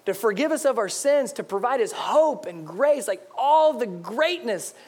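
A man's voice: extremely high pitch, animated, unhurried, a little mellow. A man in his thirties, a pastor, preaching a sermon with humorous, self-mocking stories.

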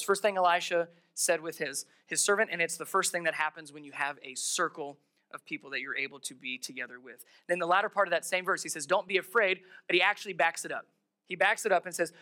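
Pastor preaching a sermon, bright clear tone, emphatic delivery with acted-out characters. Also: mid-range voice, expressive, brisk. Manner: emphatic, acts out the story's characters. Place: church.

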